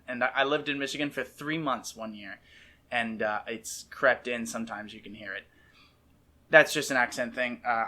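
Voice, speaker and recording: An enthusiastic man with a Midwestern American accent talks through a reaction video in a rambling, self-interrupting way. His voice is bright and sits at an average pitch for a man. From Ohio, USA. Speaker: reaction video host, actor and filmmaker. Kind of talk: casual reaction commentary.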